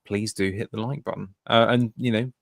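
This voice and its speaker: A man co-hosting a podcast in casual chat, halting and filled with ums as he rambles toward a sign-off. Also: fairly low pitch, steady tone, gravelly, no echo, clean studio sound. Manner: hesitant, filler-heavy wrap-up patter. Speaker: podcast co-host.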